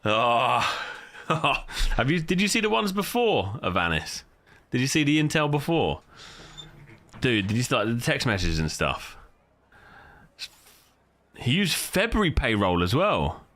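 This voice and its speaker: A man's voice: mid-range voice, sing-song, measured pace, pauses often, fairly bright tone. A man live streaming, chatting casually with his viewers as he reacts, swearing freely and greeting people in chat by name.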